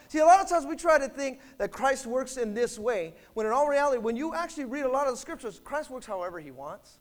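In church, a male pastor with a very high-pitched voice preaches emphatically, leading call-and-response with the congregation. He's very animated and quick, with few pauses, swinging between loud bursts and quiet asides.

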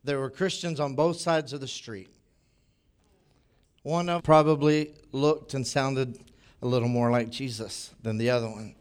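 A man preaching a sermon as pastor, telling a personal story in a conversational, animated way. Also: fairly high pitch, clear, resonant tone.

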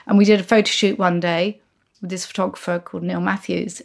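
A woman's voice: fairly low pitch, a little fast, gravelly. A woman, telling an anecdote as an interview guest and acting out the voices of the people in it. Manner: animated, acts out the voices of the people in her story.

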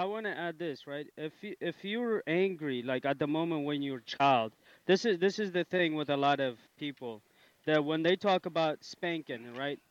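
Young male co-host, earnest and halting, slightly high voice, dry room. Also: no room sound, highs cut off. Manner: earnest, repeats words while thinking. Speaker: podcast co-host. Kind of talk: casual discussion.

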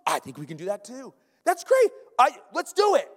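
A man voicing excited ancient churchgoers, gushing in breathless exclamations. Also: very high-pitched, normal speed, pitched above the performer's own voice, full character voice. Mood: giddy excited. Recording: long church hall reverb.

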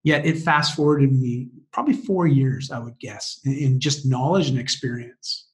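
A man talking as a podcast guest and coach, enthusiastic and quick to laugh as he shares advice. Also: mid-range voice. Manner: enthusiastic, fired up, laughs often. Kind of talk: animated interview conversation.

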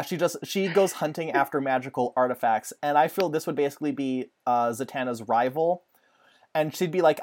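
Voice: mid-range voice, darkish tone. A podcast co-host chatting casually, rambling with enthusiasm and lots of fillers. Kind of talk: casual chat.

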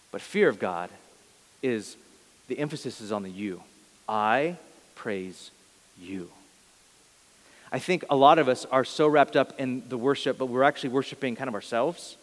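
A man's voice: medium pitch, brisk. Earnest male pastor preaching in a hall. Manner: conversational, animated, self-correcting, earnest. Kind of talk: sermon.

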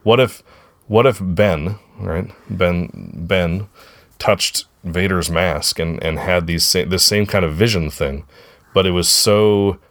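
A man's voice: low-pitched, takes it slowly, fairly bright tone. A man co-hosting a podcast in casual chat, rambling and correcting himself as he goes in a friendly way. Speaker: podcast co-host.

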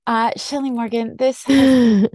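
A woman hosting a podcast, effusive with warm thanks and quick asides in a casual chat. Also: fairly high pitch, fairly even intonation, no echo, clean studio sound. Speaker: podcast host.

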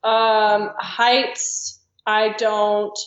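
A woman's voice: mid-range voice, level tone, drawn-out words, fairly bright tone. Chatty young woman, roomy dull sound. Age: young adult. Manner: chatty, rambling, lots of ums and likes. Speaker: guest, actress and singer. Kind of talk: casual podcast chat.

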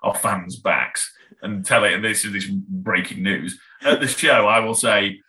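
A man's voice: on the low side, unhurried, pushed and bright. A young man, a band member chatting as a podcast guest, rambling, laughing and swearing freely. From England. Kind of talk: casual podcast chat.

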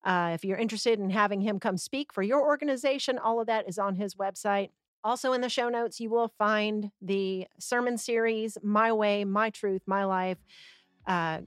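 A woman's voice: medium pitch, no room sound, studio quality, faint music behind. A woman hosting a church podcast, affirming her guests and wrapping up the show with announcements. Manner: affirming, quick to agree and laugh along. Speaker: podcast host.

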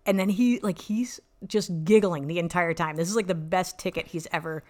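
A woman comedian telling a story in casual chat, animated, acting out the voices of the people in it. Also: on the low side, moderate pace. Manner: animated, acts out quoted voices. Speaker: stand-up comedian guest.

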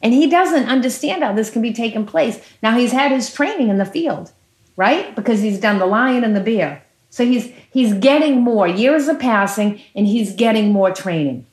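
A woman preacher telling a Bible story in a sermon, with emphatic repetition and animated pacing. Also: a little high, normal speed. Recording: roomy echo.

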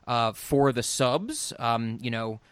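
This podcast host rambles casually and opinionatedly about voice acting in film, swearing, umming and restarting often. He speaks slowly in an animated, mid-range voice with a fairly bright, smooth tone. There's no echo.

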